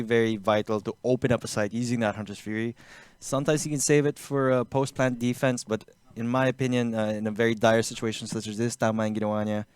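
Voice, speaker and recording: A man giving measured, analytical color commentary on an esports match, mixing English and Tagalog. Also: mid-range voice, smooth, dry recording. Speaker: esports co-caster.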